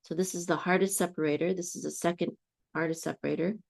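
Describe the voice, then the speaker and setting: A woman teaching a slow, patient lesson on reading Bible Hebrew, often stopping to check in with her listeners and restarting her phrases. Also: lowish voice, steady tone, gravelly, a little mellow.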